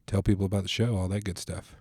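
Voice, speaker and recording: A man hosts a podcast in a low, level, slightly mellow and husky voice, speaking quickly with studio-quality sound and no echo. His casual intro and chat are laid-back, and allergies give his voice a stuffed-up, nasal quality.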